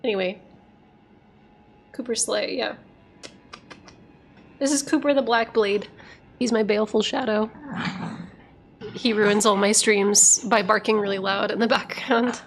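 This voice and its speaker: A woman's voice: mid-range voice, fairly even intonation, measured pace, gravelly, pauses often, slight background noise. A woman streaming a video game, chatting casually and giggling, who switches to baby talk with her dog. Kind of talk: casual live-stream chat.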